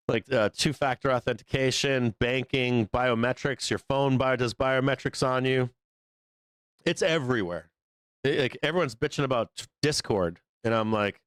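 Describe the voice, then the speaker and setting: Male livestream host, mid-pitched, dry close sound; loose profane rant with frequent laughs. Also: dry recording. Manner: profane, rambling, laughs often. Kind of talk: casual rant on a live show.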